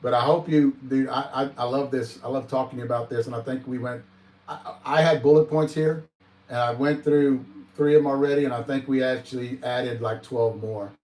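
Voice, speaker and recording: A man's voice: medium pitch, fairly even intonation, moderate pace, a little mellow. A man hosting a podcast in casual chat, emphatic and repeating his points for stress. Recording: roomy, off-mic sound.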